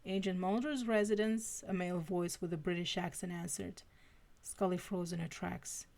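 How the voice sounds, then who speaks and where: A woman's voice: on the low side, little pitch movement, moderate pace, creaky. A woman reading fanfiction aloud on a live stream, stumbling and restarting now and then. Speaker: fanfiction reader.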